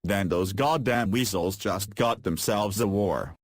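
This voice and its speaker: A man reading the lines of a hot-headed male CIA chief, in a flat reading voice. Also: fairly low pitch, a little slow, dry recording, clean studio sound. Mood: defiant.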